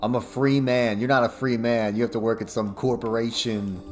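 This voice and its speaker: A young male streamer chats casually and profanely on a livestream, rambling and laughing often while music plays in the background. His voice is medium-pitched with a level tone at normal speed.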